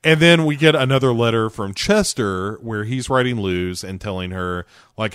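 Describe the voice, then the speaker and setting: A man co-hosting a podcast, recapping a TV episode in casual chat with animated storytelling. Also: on the low side, moderate pace, clean tone, no echo, clean studio sound. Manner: animated storytelling, acts out characters' lines. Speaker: podcast co-host.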